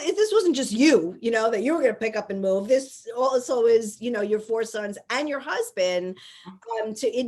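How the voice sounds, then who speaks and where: A woman from New York hosting a casual interview, chatty and rambling, often laughing as she talks. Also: a little high. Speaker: podcast host.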